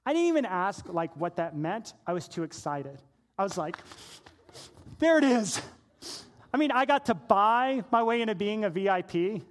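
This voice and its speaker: A man's voice: high voice, animated, moderate pace. A man in his forties preaching a sermon, telling a playful personal anecdote and acting out the voices in it. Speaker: pastor.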